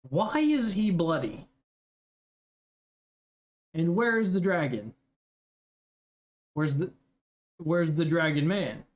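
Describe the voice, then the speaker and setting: A man's voice: a little high, slow pace, long pauses, pitched above the performer's own voice. A man voicing a huge, cheerful male host who greets guests eagerly. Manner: loud, excited greeting.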